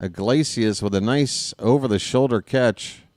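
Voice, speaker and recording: Man, solo baseball caller, casual and jokey, unhurried pace, clean dry recording. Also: darkish tone, dry recording. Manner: casual, self-deprecating, jokey between pitches. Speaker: fan play-by-play broadcaster. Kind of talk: solo baseball play-by-play with chatty asides.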